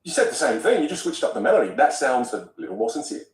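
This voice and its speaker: Animated man coaching speech, roomy distant sound. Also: mid-range voice, fast talker. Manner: animated, acts out example voices. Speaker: vocal coach. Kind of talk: podcast conversation.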